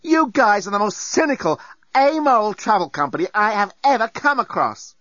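A man's voice: high-pitched, expressive, fairly quick, a bit bright, dry recording, pitched above the performer's own voice. A man voicing an indignant young woman. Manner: indignant, snappy. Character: exasperated young woman, sharp-tongued. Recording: dull lo-fi dry recording.

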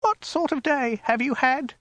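A man voicing a terrified young peasant woman, stammering in a high, strangled squeak. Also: measured pace, fairly bright tone, no room sound.

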